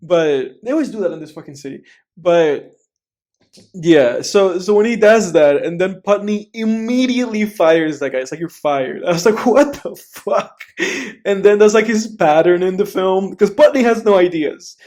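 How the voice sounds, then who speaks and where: A man's voice: sits high, expressive, normal speed, a little mellow. A young man co-hosting a film podcast, rambling casually, swearing, laughing often and acting out scenes. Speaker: podcast co-host. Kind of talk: casual chat.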